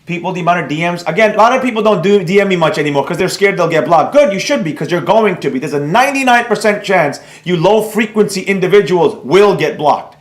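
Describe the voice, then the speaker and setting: A man teaching a live trading class, blunt and excitable, rambling off on tangents while reading viewers' comments and scolding them. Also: sits high, quick pace, hardly any pauses, roomy sound.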